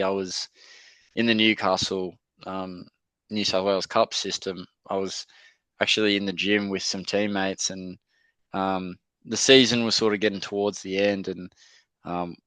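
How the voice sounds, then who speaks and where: Laid-back young Australian man, smooth voice. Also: fairly low pitch, fairly even intonation, moderate pace, fairly bright tone, no echo. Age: young adult. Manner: laid-back, laughs through his stories. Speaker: rugby league player, guest. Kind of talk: casual storytelling interview. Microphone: podcast microphone.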